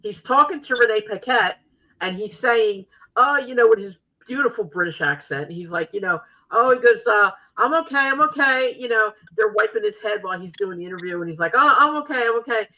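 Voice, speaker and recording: An older woman hosting a podcast, telling stories in an animated, gushing way. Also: mid-range voice, fairly quick, dull audio. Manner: animated, gushing fan storytelling. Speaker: podcast host. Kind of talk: casual chat.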